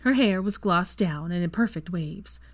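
A woman's voice: on the low side, normal speed. A woman narrating a fan fiction story as its reader. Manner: expressive storytelling. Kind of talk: scripted narration.

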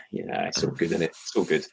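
A man's voice: a bass voice, big pitch swings, brisk, creaky, slight background noise. A British man co-hosting a casual live stream, reading viewer comments with many hesitations. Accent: British English. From Britain. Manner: hesitant, lots of ums and restarts. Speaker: co-host of a crypto live stream.

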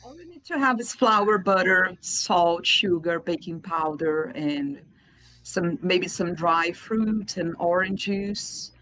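A woman chats as a guest, hesitant and thoughtful, often restarting with ums and laughing easily. Her voice sits a little low for a woman. It sounds like a video call. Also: expressive, takes it slowly, fairly bright tone, rough recording. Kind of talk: casual podcast chat.

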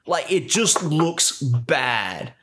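A young man recaps a film in a loose, rambling rant. He swears freely and sounds sarcastic, and his voice sits a little higher than most men's. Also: very animated, extremely slow, noisy background. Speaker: film reviewer.

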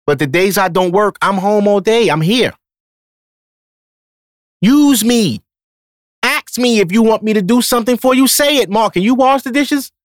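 Podcast host, male, slightly raised pitch, blunt and profane, casual monologue, dry close sound. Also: lively intonation, unhurried, long pauses, no room sound.

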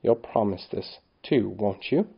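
A man voicing a worried, loving mother in a storybook reading, speaking low, soft and tender. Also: expressive, unhurried, creaky, slightly rough, dull audio, full character voice. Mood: firm.

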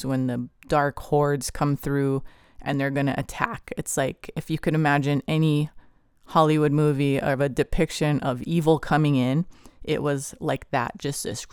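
A podcast host tells a personal testimony in an earnest, vivid way, leaning on casual "like" fillers. The voice is smooth and clean at a mid pitch. It is recorded close in a dry room. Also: no echo.

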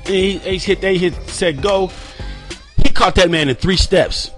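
A man in casual sports chat, telling animated stories and acting out the people he quotes. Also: a little high, normal speed, faint music behind. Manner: animated storyteller, acts out quotes.

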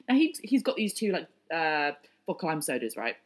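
A woman in her thirties telling a personal story in a blunt, profane, animated way. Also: medium pitch, racing. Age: 30s. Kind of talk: candid casual storytelling.

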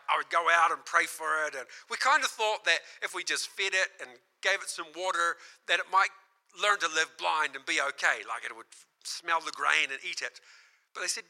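A man preaching a sermon, telling a story with lively acted-out quotes and frequent laughter. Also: a little high, moderate pace, poor audio. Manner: animated storyteller, acts out quoted voices and laughs often.

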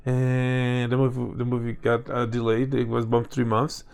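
A man's voice: medium pitch, monotone, moderate pace, creaky, a little mellow, clean tone. A man co-hosting a casual chat show, talking in a rambling way with many restarts and fillers. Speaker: podcast co-host.

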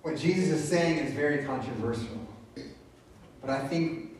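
A male pastor with a slightly high, darkish voice preaches casually at a moderate pace, retelling scripture in his own words. He's recorded from a distance in a very echoey room, with a little hiss or hum.

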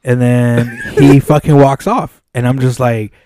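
A man telling a long story in casual podcast chat, animated and swearing often, acting out the dialogue. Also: mid-range voice, a little slow, a little hiss or hum. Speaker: podcast co-host. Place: podcast studio.

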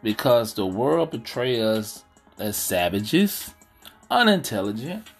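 A man's voice: medium pitch, sing-song, slow pace, creaky, faint music behind. A man hosting a podcast, talking casually in African American Vernacular English, blunt and indignant, with a habit of asking "you know what I'm saying". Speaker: podcast host. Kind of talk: casual commentary monologue.

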